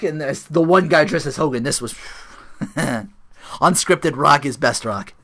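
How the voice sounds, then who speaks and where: A man hosting a casual wrestling chat show, animated and laughing often as he acts out quotes. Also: on the high side, measured pace. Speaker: podcast host.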